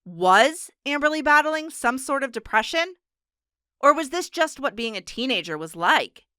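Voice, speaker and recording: A woman narrating an audiobook in a steady, measured storytelling manner. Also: sits high, no echo, studio quality. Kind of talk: scripted narration.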